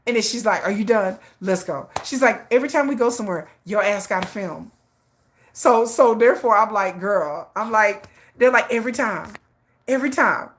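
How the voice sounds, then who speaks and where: A woman hosting a casual livestream, telling stories with lively swings in her voice, acting out her friend's lines and answering viewer chat. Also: mid-range voice, moderate pace, a little hiss or hum. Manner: animated storytelling, acting out a friend's lines, frequent laughs. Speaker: livestream host.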